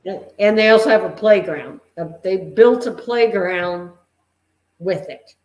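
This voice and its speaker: A co-host of a casual podcast, musing and speculating in an unhurried way. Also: medium pitch. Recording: roomy echo.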